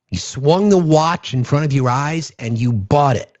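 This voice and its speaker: A man's voice: a little high, a little slow, darkish tone, dry recording. A man hosting a political call-in show, talking in an impassioned, profane, ranting way. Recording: dull, lo-fi, dry.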